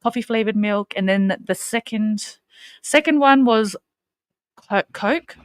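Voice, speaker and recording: A woman's voice: medium pitch, unhurried, no room sound, clean studio sound. A woman co-hosting a casual podcast, bubbly and giggly, rambling through stories. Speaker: podcast co-host. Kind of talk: casual chat.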